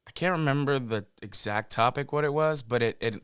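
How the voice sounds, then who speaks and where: A man's voice: medium pitch, a little fast, a bit bright, clear, resonant tone, no room sound, studio quality. A man telling a loose, joking story in a casual podcast chat.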